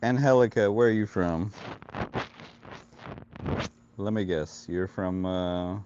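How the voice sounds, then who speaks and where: Casual streamer: a low-voiced man with a Southern California accent, a bit tipsy, laid-back and chatty, on a dull, lo-fi mic. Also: slow pace, background noise. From Florida, US. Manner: loose, joking, chatty with viewers, laughs often. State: a few beers in, slightly tipsy. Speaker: live-stream futures trader. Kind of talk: casual live-stream chat.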